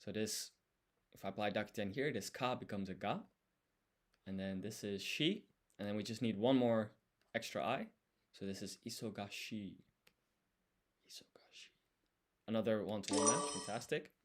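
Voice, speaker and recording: A man's voice: on the low side, normal speed. A man streaming his language study, talking himself through each step as he writes. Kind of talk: thinking aloud while writing.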